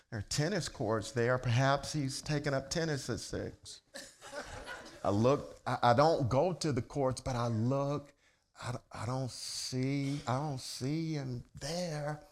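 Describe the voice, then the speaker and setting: A man preaching a sermon, telling a personal story in a humorous, conversational way that builds from quiet, low storytelling to loud, excited shouting. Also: takes it slowly, a little hiss or hum. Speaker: pastor. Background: congregation laughter.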